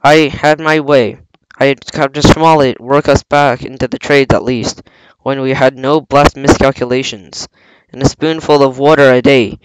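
Man putting on a scheming older pirate, blustering sea talk, mid pitch, smooth tone. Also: fairly even intonation, normal speed, no echo, lightly acted, poor audio. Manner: coaxing, blustering sailor talk. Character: scheming one-legged pirate cook, crafty older man.

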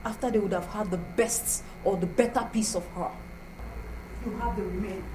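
An actress with a Nigerian accent playing a scheming, jealous young woman who taunts and shouts insults. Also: medium pitch, moderate pace, background noise, lightly acted. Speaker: actor in a film drama.

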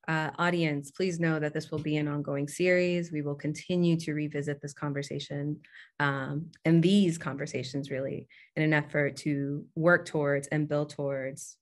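Female event host with a low voice. Friendly, a few fillers. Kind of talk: closing announcements.

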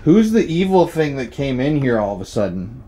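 A man's voice: medium pitch, big pitch swings, normal speed, mellow. Jittery man on a ghost hunt. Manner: jittery, swears, questions spirits aloud. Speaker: paranormal investigator. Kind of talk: ghost hunt vlog chatter.

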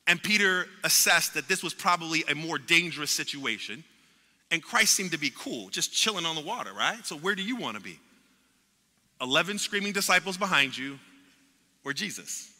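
Impassioned high-voiced man preaching, bright. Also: animated, normal speed. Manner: impassioned preaching with repetitions and acted-out quotes. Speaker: pastor. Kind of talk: sermon. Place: church sanctuary. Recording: long hall reverb in a church.

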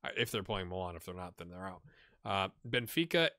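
A man's voice: sits low, expressive, fairly quick, pushed and bright, no room sound, clean studio sound. Chatty man thinking aloud over a game. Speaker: gaming channel host. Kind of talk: casual let's-play commentary.

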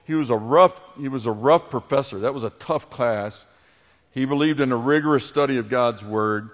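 A middle-aged man preaches from the pulpit at a mid-range pitch, moving between a told anecdote and a spoken prayer. His voice carries a long reverb from the church hall around him. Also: normal speed. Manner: storytelling, then leading a prayer. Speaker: pastor. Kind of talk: sermon. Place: church sanctuary.

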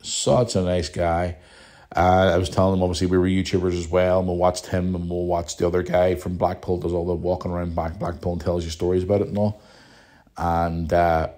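A Northern Irish man with a deep, warm voice hosts a casual podcast. He rambles and chats freely, teasing his listeners as he goes. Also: monotone, fairly quick. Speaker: podcast host.

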